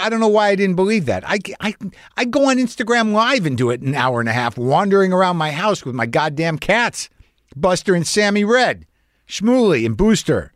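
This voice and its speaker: A man's voice: fairly high pitch, no echo, clean studio sound. A man who is a comedian, telling a rambling, profane, anxious story as host of his own show. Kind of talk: storytelling monologue.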